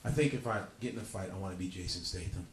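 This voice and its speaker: Profane stand-up comedian in a roomy club. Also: male voice, low voice, rapid-fire, slight background noise. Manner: profane, conversational, teasing the audience. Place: comedy club with live audience. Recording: roomy club with audience laughter.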